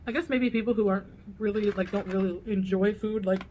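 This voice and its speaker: A woman talks casually while eating on camera, chatty and relaxed, breaking off between bites. Her voice sits at a middling pitch, and a faint hiss runs underneath. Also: brisk. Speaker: mukbang video creator.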